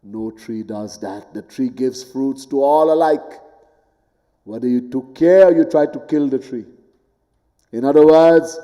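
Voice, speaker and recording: A man gives a devotional lecture at an unhurried, deliberate pace, his voice mellow and slightly raised in pitch. He moves between emphatic peaks and hushed lines and chants Sanskrit verses. The long reverb of a temple hall hangs behind him. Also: animated. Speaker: spiritual teacher.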